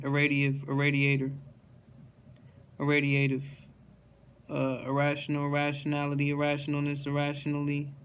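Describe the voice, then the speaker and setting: A man's voice: on the high side, a bit bright, slight background noise. A man reading a dictionary word list aloud, one word at a time, with small stumbles and restarts.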